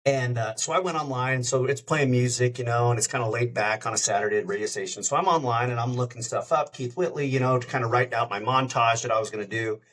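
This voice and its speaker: A man's voice: mid-range voice, quick pace, few pauses. Man telling a story. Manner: lively anecdote-telling, acts out quoted dialogue. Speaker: country radio host, podcast guest. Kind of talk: casual storytelling.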